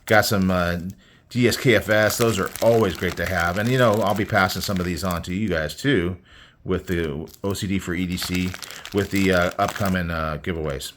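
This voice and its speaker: A man's voice: low voice, normal speed, a bit bright, slight background noise. A man chatting casually about knives and stickers in a rambling unboxing vlog, full of fillers and restarts. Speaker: knife collector vlogger.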